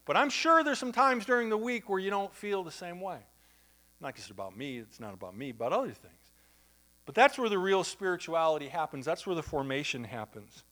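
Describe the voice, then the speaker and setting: Bright, animated storytelling preacher man. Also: high voice, a little fast. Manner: conversational, animated storytelling with asides to the congregation. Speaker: pastor. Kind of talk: sermon with storytelling. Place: church.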